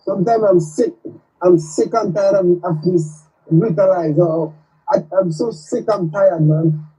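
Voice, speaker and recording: A man's voice: high voice, unhurried, mellow, husky. A male caller, exasperated and repeating himself, who keeps ending lines with "man". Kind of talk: emotional call-in rant. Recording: distant, muffled call audio.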